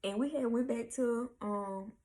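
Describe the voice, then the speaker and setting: A woman's voice: a little high, measured pace, warm tone, rough recording. A young woman, telling a candid, chatty storytime vlog with fillers and restarts. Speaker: vlogger. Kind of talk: casual storytime.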